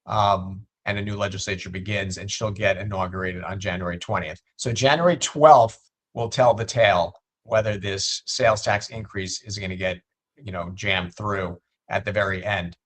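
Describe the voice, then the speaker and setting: A man who is a state legislator, a guest on a political interview show, making his points in a measured way and often repeating words as he builds them. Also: fairly low pitch, fairly even intonation.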